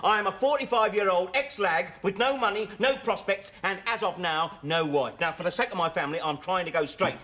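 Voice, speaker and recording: Sitcom, 1970s: wisecracking middle-aged ex-lag, higher-pitched, teasing. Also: male voice, fairly quick, few pauses, pushed and bright. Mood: wry, bantering. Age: 40s. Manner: sardonic, teasing banter. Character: wry wisecracking middle-aged ex-con father. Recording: noisy 1970s TV soundtrack.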